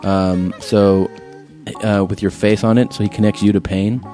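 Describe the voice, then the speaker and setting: A man's voice: fairly low pitch, flat delivery, normal speed, warm tone, soft background music. A man co-hosting a podcast, chatting casually and ranting in an exasperated, profane way. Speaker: podcast co-host.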